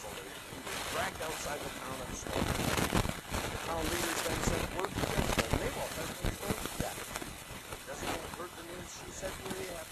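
A man teaching a Bible lesson outdoors, reading passages aloud with animated, rising emphasis on the quoted lines. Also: on the high side, fairly quick. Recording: outdoor recording with loud boat and water noise.

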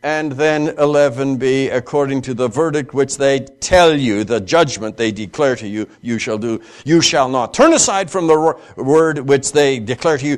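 A man giving a classroom Bible lecture, halting with fillers and restarts, reading scripture aloud slowly with emphasis. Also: medium pitch, animated.

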